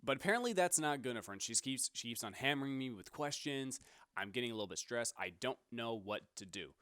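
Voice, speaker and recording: A man's voice: medium pitch, animated, fairly quick, a bit bright, clear, resonant tone, dry recording, clean studio sound. A young man hosting a talk show, telling a work story in a casual, rambling way and correcting himself as he goes. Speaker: podcast host.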